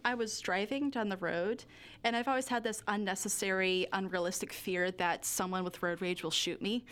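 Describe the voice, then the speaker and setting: A woman's voice: medium pitch, fairly bright tone, a little hiss or hum. A young woman giving a candid personal interview, rambling with lots of fillers and nervous little laughs. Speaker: interview guest.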